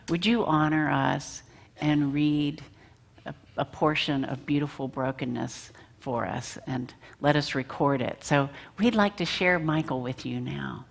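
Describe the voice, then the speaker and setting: A woman giving a church talk, telling a travel story in an unhurried way. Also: low-pitched, vocal fry. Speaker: guest speaker and musician.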